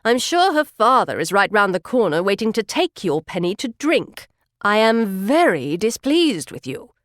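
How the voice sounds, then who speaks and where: A woman's voice: medium pitch, very animated, normal speed, no room sound, studio quality, natural voice. A woman voicing a prim, snobbish well-off mother who speaks in a cold, clipped, disapproving way.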